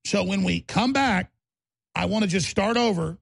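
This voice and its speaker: A man's voice: high voice, normal speed, vocal fry, husky. A man hosting a talk radio show, brash and sarcastic, often stammering and repeating words.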